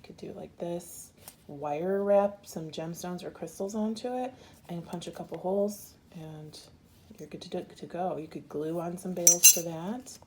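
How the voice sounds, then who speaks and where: Speaking a bit slowly in a lowish voice, a bead crafting vlogger from Arizona chats casually through an unboxing for her viewers, gushing and giggling along the way. There's background noise behind her.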